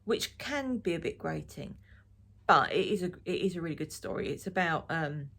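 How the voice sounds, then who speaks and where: A woman's voice: on the low side, expressive, normal speed, a bit bright. A middle-aged woman from Essex, chatting frankly and ramblingly to camera as a knitting vlogger. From Essex, England. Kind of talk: casual chat to camera.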